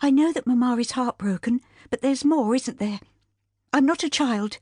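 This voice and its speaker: A woman voicing an anxious, earnest young daughter, speaking in a low, urgent way. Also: normal speed, darkish tone, breathy edge, dry recording, clean studio sound.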